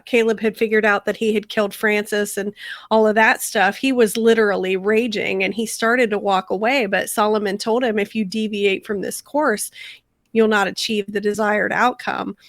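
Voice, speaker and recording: A woman co-hosting a podcast, calmly recounting plot details in casual talk. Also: mid-range voice, no echo, studio quality. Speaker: podcast co-host.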